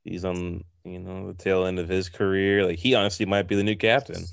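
A man with a very low voice chats loosely on a podcast, filling every sentence with "like" and restarts. The sound is dry and close to the mic. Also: level tone, a little fast, vocal fry, no echo. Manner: chatty, rambling, lots of "like". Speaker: podcast co-host. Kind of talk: casual chat.

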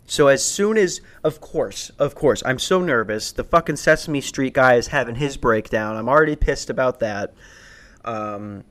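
A man's voice: medium pitch, animated, moderate pace, a bit bright. A young adult man telling stories on a podcast in a casual, rambling way, swearing and laughing often and restarting his sentences. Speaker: podcast host. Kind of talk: casual storytelling chat.

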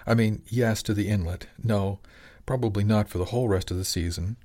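A calm, faraway shaman husband who speaks in a quiet, simple, dreamy way, as a man reads him aloud in a storybook. His voice sits fairly low. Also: a little fast, close to an everyday voice.

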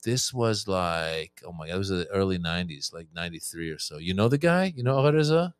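Dry-miked comedian guest telling stories. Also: male voice, low-pitched, brisk, clean tone, no echo. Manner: animated storyteller who acts out bits. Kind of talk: casual podcast chat.

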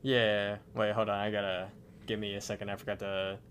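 A man describes cartoon scenes in a relaxed home podcast, pausing and restarting as he hunts for words. A faint background hiss sits under his voice. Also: lowish voice. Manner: hesitant, stumbles over words. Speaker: podcast co-host. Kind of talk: casual chat narrating cartoon scenes.

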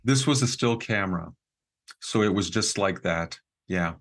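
A man's voice: low voice, measured pace. A man who is a podcast guest, telling a story casually, with lots of fillers and acted-out quotes. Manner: lively storyteller with frequent fillers and quoted dialogue.

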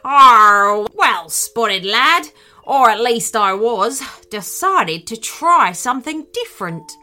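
A woman voicing a jolly bearded male pirate captain, who talks in a hearty, booming seafaring way. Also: very animated, slow pace, sharp tone, faint music behind, heavily acted.

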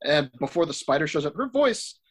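A man's voice: a little high, big pitch swings, a little fast, a bit bright. A man co-hosting a podcast, chatting expressively and swearing, given to playful mimicry. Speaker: podcast co-host. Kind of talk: casual film discussion.

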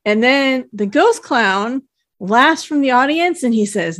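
A woman's voice: high voice, animated, slow, fairly bright tone, no room sound, clean studio sound. A woman co-hosting a podcast, casually recapping a cartoon episode and quoting characters in put-on voices. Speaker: podcast co-host.

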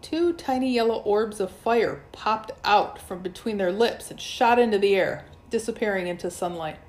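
A woman reading a first-person adventure story aloud with lively storytelling. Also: medium pitch, moderate pace, few pauses. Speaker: audiobook narrator. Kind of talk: first-person audiobook narration.

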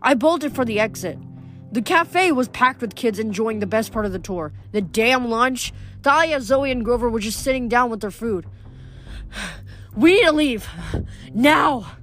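Woman reader for a first-person novel, fairly high voice, stumbles and restarts, light music behind. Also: expressive, a little slow, a bit bright. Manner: first-person narration with frequent stumbles and self-corrections. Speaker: audiobook reader. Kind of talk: reading a novel aloud.

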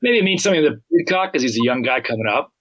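Guy with a bright sharp voice rambling through his take, lots of you knows. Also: medium pitch, animated, no echo, poor audio. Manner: halting, many fillers and restarts. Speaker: podcast guest. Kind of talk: casual analytical chat.

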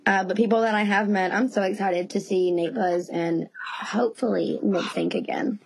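A woman guest chatting casually, laughing through her stories like an eager fan. Her pitch sits in an ordinary middle range. She gushes freely and often breaks into giggles. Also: steady tone, normal speed, vocal fry. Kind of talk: casual chat.

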